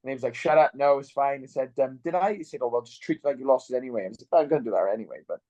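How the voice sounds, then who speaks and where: Fast-talking young fighter, blunt. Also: male voice, mid-range voice, lively intonation, mellow, no room sound, muffled recording. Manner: fast, blunt, swears freely. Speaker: fighter interviewed. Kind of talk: casual interview chat.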